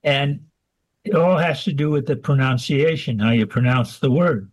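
A man in a casual group chat, talking in an amused, halting way. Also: mid-range voice, poor audio. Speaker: haiku group member.

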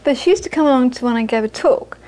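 In poor audio, a female Buddhist teacher delivers a live talk with a high, slightly mellow voice, speaking quickly and with animation. She stays earnest, returns to key phrases for emphasis, and breaks into laughter during her stories.

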